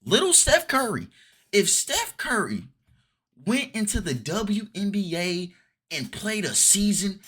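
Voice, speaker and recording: A man's voice: sits high, very animated, a little slow, a bit bright, slightly rough. A young man in a heated, repetitive commentary rant for his vlog, restarting his sentences often. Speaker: vlogger.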